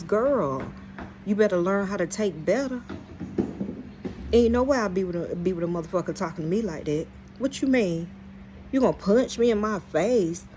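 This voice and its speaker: An outspoken woman recounts a run-in to her viewers in casual storytime fashion. She is blunt and profane, addresses her audience directly, and her mid-range voice rises sharply when she is outraged. A faint hiss sits under the recording. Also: medium pitch. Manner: animated, exclaims in outrage. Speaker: channel host. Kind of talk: storytime vlog.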